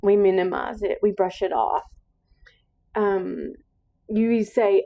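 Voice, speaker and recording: A woman's voice: mid-range voice, slow pace, gravelly, long pauses, muffled recording. A woman hosting a solo podcast, speaking in an earnest, encouraging monologue with emphatic repetition. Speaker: podcast host.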